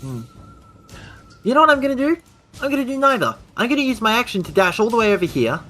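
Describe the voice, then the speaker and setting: A man playing in a tabletop game, animated as he explains his moves. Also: very high-pitched, fast, faint music behind. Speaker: player.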